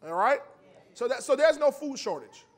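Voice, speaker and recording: A man with a high voice preaching to his congregation in a church sanctuary. He talks in a folksy way and laughs often. He swings between loud, emphatic lines and quiet storytelling asides. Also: big pitch swings, normal speed. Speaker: pastor. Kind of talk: sermon.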